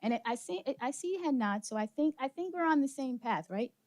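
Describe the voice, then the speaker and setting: Energetic woman working a conference crowd. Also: high voice, quick pace. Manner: energetic, engages audience with questions and laughs. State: slightly out of breath. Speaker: speaker leading a workshop session. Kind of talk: interactive motivational talk. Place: conference room with live audience.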